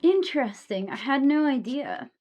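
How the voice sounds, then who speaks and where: A woman's voice: high voice, sing-song, normal speed, darkish tone. A young woman streaming a game, tired and yawning, chatting loosely with viewers and swearing often. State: sleepy, yawning. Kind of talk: casual live-stream chat while gaming.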